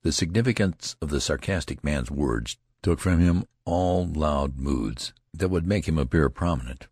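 A man with an extremely deep voice reads a classic novel aloud at a measured, even pace. His tone is husky, and the recording is dry and close, with no room sound. He tells the story steadily, like an audiobook narrator. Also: dry recording.

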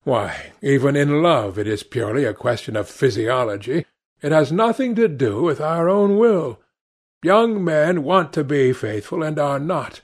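A man's voice: fairly high pitch, expressive, unhurried. A man doing a languid, witty aristocrat. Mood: amused. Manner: drawling, epigrammatic.

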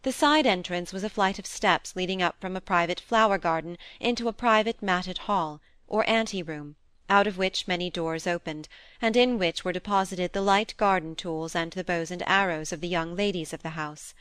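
A woman reading a classic novel aloud in steady, measured narration. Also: lowish voice, clean tone, dry recording. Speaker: audiobook reader.

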